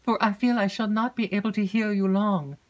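A woman's voice: lowish voice, lively intonation, a little slow, darkish tone, dull audio, pitched above the performer's own voice. Woman reading as a frightened young heroine, pleading, slightly raised voice, audiobook.

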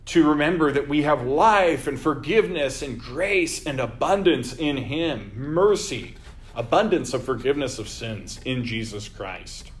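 A man leading a Bible study as vicar, teaching earnestly with emphatic repeated phrases. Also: a little high.

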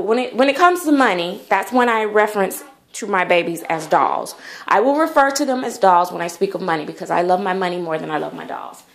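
A woman vlogger chatting casually to the camera in a rambling way, full of fillers. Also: mid-range voice. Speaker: doll collector vlogger.

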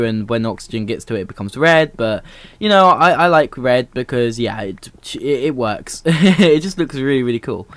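A young man rambles through casual gameplay commentary, dropping "uh" between nearly every phrase. His voice is smooth and clear at a middle pitch. The sound is dry and close to the mic. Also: dry recording. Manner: rambling, many "uh" fillers, upbeat. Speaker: gaming channel host. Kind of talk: casual let's-play commentary.

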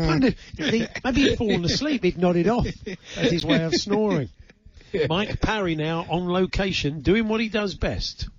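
A man's voice: high voice, lively intonation, moderate pace. Wry joking male radio host. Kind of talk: casual chat. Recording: dull lo-fi radio recording with faint noise.

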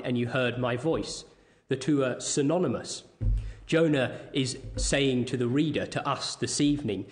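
Male preacher at an evening service, slow and deliberate, mid-pitched, reads scripture aloud. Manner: measured, deliberate delivery, reading scripture aloud. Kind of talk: sermon.

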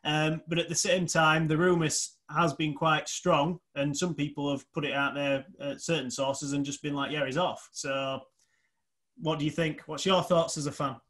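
A man hosts a casual fan podcast in a fairly high voice. He talks in a chatty way and teases his co-host. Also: little pitch movement, moderate pace, a bit bright. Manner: chatty, teasing. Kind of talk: casual football podcast chat.

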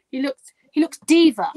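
Chatty, giggly woman with a higher voice. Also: dark tone, low-quality recording. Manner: chatty, giggly and self-deprecating. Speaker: guest crafter demonstrating a project. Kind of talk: live craft demonstration.

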